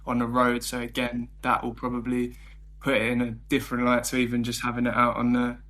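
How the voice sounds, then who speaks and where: Young London band member, very monotone, hesitant and halting in interview. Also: male voice, medium pitch. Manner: hesitant, searching for words, flat delivery. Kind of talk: casual interview chat.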